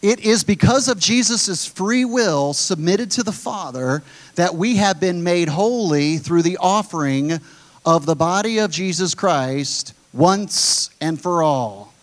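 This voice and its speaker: A pastor with a high-pitched, expressive voice preaches at a measured pace, speaking directly to his congregation. He drives his points home by repeating them emphatically.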